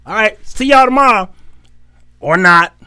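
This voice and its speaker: A man's voice: sits high, lively intonation, moderate pace, bright, forceful tone, smooth, no echo, studio quality. A man hosting a faith-based talk show, joking and laughing often with a preacher-like cadence. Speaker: host.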